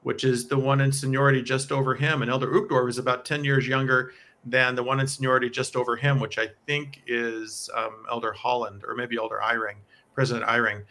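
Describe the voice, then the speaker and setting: Bright-voiced chatty American man. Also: medium pitch, flat delivery, brisk. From United States. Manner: chatty, explanatory, laughs often. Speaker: podcast co-host. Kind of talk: casual chat about church talks. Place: home in Provo, Utah.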